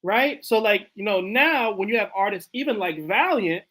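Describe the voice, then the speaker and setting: A man's voice: high-pitched, animated, normal speed, pushed and bright. A man hosting a casual live chat, loose and conversational, with lots of filler words. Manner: loose and conversational, many "like" and "you know" fillers. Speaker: host.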